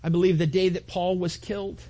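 A man's voice: high voice, fairly even intonation, fairly quick, mellow. A man preaching a sermon to his congregation, earnest, with repetitions and asides to the listeners. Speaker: pastor.

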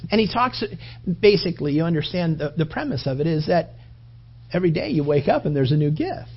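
A male preacher with a fairly high voice, delivering a loose, conversational sermon. He circles back and restarts his phrases as he talks things through with the congregation. The recording sounds dull and lo-fi. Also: big pitch swings, fairly quick, breathy edge.

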